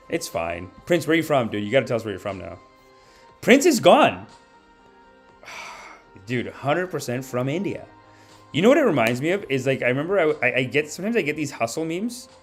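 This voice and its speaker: Animated ranting comedian with lively pitch. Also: male voice. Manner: animated, rambling, profane. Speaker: comedian host of a live stream. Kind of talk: casual live-stream rant. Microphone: home streaming mic.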